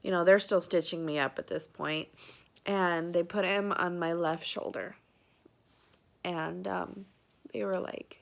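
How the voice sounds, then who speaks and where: A woman's voice: fairly low pitch, steady tone, a little slow, vocal fry, pauses often. A young woman tells a personal story to the camera, close to tears and full of fillers. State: tearful. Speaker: vlogger.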